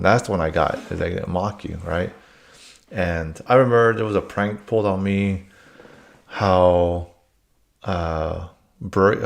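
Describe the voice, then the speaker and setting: A man's voice: low voice, creaky. A man telling work stories in a casual monologue, blunt and rambling, swearing freely.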